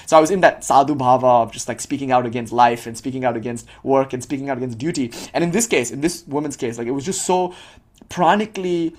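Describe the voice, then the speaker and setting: Fast-talking, husky-voiced man teaching. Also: mid-range voice, a little mellow. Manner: casual, heavy with filler "like", frequent laughter. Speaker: spiritual teacher. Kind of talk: informal dharma talk to students.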